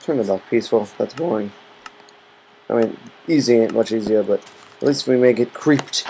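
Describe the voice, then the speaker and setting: A man's voice: medium pitch, normal speed, warm tone, rough recording. A man rambling goofily to himself while playing Minecraft, recorded on a computer's built-in mic. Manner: rambling, goofy, talks to himself. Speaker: Minecraft let's player. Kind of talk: casual gameplay commentary. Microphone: computer's built-in mic, not headset. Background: computer fan hum.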